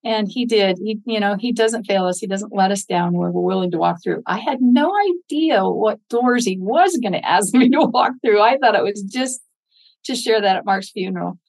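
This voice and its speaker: A woman's voice: mid-range voice, moderate pace, darkish tone, low-quality recording. A middle-aged woman, a podcast guest, telling an emotional personal story in an earnest, heartfelt way and quoting scripture.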